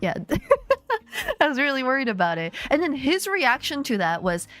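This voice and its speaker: A woman's voice: sits high, big pitch swings, fairly quick, fairly bright tone, faint music behind. A woman streamer telling a story in casual chat, swearing freely and laughing often.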